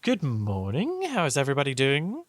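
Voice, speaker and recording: A man's voice: medium pitch, huge pitch swings, moderate pace, no room sound, pitched above the performer's own voice. A man voicing a courteous noble lady who is polite, apologetic and lightly teasing.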